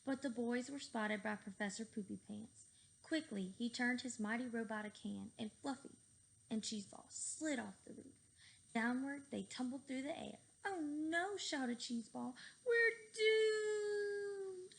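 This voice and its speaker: Gravelly woman reading a children's book. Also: on the high side, moderate pace. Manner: lively, expressive storytelling with playful asides. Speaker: reader.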